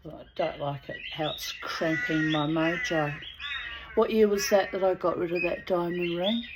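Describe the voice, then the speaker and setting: A woman, an author telling personal stories in a chatty, digressive, animated way. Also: lowish voice, moderate pace, noisy background. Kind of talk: casual storytelling with asides.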